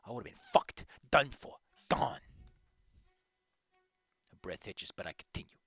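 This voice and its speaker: A young man reading fan fiction aloud and ranting about it, with animated, sweary, exasperated outbursts. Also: fairly low pitch, measured pace, creaky, long pauses, husky, dry recording, soft background music.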